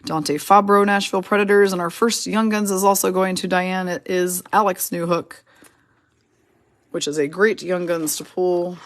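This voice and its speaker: A woman hosting a live card break, her voice a bit lower than most. She works through player names and teams in quick lists and chats with viewers between cards. The sound is dry and close, with no room echo. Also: fairly even intonation.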